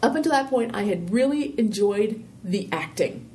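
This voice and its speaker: A woman talking casually as an interview guest about her filmmaking, rambling and animated with lots of "you know"s. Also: medium pitch, moderate pace, slight background noise.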